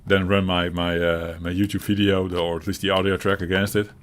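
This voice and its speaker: A man's voice: deep voice, flat delivery, brisk. A man with a Dutch accent chatting casually as a show co-host, rambling and chuckling often, with many restarts and some swearing. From Netherlands. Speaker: co-host of a gaming chat show. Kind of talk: casual chat. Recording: audible typing and background noise.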